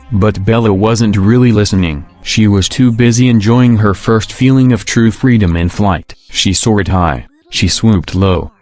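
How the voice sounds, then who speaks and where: A man reading a children's storybook in scripted narration, in an even, measured way. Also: lowish voice, dry recording.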